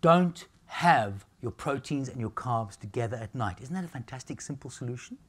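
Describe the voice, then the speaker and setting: Lively blunt Australian man. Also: mid-range voice, normal speed. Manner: blunt, jokey, animated, swears casually. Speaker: nutrition speaker. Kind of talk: live seminar talk to an audience.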